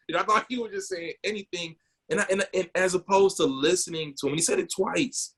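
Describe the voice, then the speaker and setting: A man co-hosting a podcast, telling a personal story in an animated way and often repeating words. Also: high voice, brisk, slightly rough. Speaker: podcast co-host.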